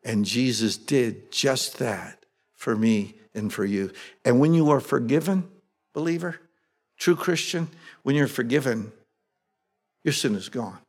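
A man's voice: mid-range voice, measured pace, pauses often, a little mellow, breathy edge, big-room sound. A man preaching a sermon, reading Bible verses aloud and then explaining them in plain, everyday words. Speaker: pastor.

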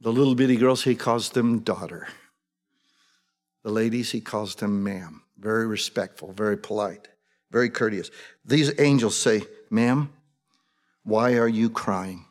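A man's voice: lowish voice, moderate pace, big-room sound. A man preaching a sermon as pastor, telling the story conversationally and acting out the people in it.

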